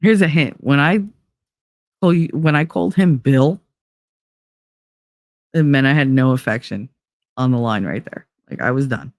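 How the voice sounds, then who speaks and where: A woman's voice: a bass voice, normal speed, pauses often, a little mellow, no echo, clean studio sound. A woman host telling a personal story in a casual, chatty way, filling her talk with "like" and acting out what other people said. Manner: chatty, heavy use of "like", acts out others' lines. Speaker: podcast host.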